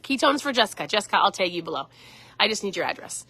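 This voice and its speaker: Bright-voiced woman coaching on a live stream. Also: mid-range voice, sing-song, fast talker, husky. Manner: chatty, earnest, coaching tone. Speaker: keto coach and host. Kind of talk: casual live-stream talk.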